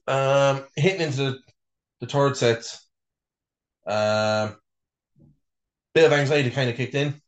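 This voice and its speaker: Self-mocking man in an echoey room. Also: medium pitch. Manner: sweary, self-mocking, halting with many fillers. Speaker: podcast co-host. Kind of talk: casual chat. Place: bedroom.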